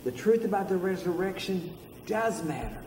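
High-voiced preacher in a roomy church. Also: male voice, lively intonation, normal speed, darkish tone, distant mic, slight background noise. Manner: earnest storytelling preacher. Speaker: pastor. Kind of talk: sermon. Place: church sanctuary. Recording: roomy hall from afar.

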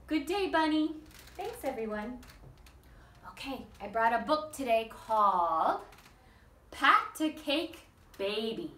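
Female storytime reader, slow sing-song delivery, coaxing little kids to join in; slightly high voice. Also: big pitch swings, sharp tone. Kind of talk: reading a picture book aloud to young children. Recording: echoey room, mic at a distance.

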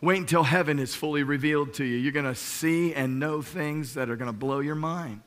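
A man's voice: fairly high pitch, fairly quick, few pauses, a bit bright. A man preaching as lead pastor to a live congregation. He talks with emphasis, repeats key phrases and keeps asking the room questions. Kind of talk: sermon. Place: church sanctuary.

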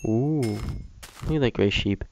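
A young man giving casual, chatty gameplay commentary as a Let's Play gamer, self-mocking and prone to excited outbursts. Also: mid-range voice, measured pace, a little hiss or hum.

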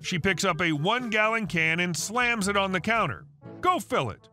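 A man narrating a scripted story in a steady, uninflected text-to-speech manner. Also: high-pitched, normal speed. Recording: faint music underneath.

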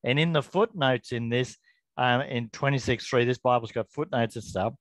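A middle-aged man giving an informal Bible devotional to camera, earnest and chatty, often stopping to correct himself and slowing down to read verses. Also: mid-range voice, a bit bright, no room sound. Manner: earnest, chatty, self-interrupting, reads scripture slowly. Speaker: Bible teacher.

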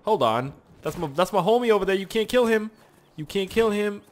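A man's voice: sits high, expressive, fairly quick, a little hiss or hum. A young man rambling through casual gameplay commentary, swearing often and yelping at the game. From Canada. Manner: rambling, swears a lot, yelps and shouts at the game. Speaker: gaming YouTuber.

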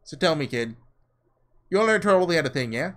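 A man's voice: fairly high pitch, lively intonation, brisk, a bit bright. A man voicing a scornful young man from the slums, speaking in a slangy, mocking drawl.

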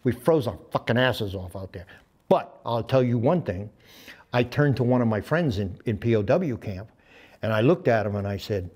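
A man's voice: on the low side, lively intonation, moderate pace, darkish tone, breathy edge. Profane older man telling war stories. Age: 70s. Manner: profane, acts out voices and sound effects in his stories. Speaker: interviewee, veteran pilot. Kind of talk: animated storytelling.

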